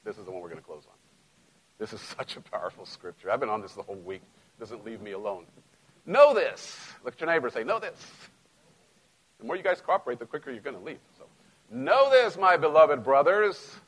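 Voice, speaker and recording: A middle-aged man with a Latino American accent, preaching a sermon in a conversational, joking way, dropping to quiet asides and rising to loud emphasis. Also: lowish voice, expressive, fast, breathy edge, poor audio. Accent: Latino American English. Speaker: pastor.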